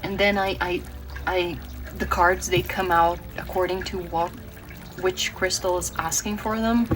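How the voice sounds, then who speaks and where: A woman's voice: on the low side, fairly even intonation, a little slow, rough recording. A woman from Brazil giving a tarot reading, earnest and emotional, often restarting her words. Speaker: tarot reader.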